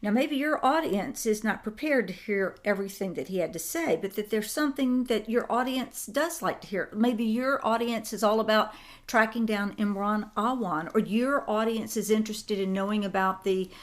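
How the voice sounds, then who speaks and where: A woman's voice: medium pitch, normal speed. A woman co-hosting a political talk show, speaking in a direct, instructive way to fellow creators. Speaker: co-host.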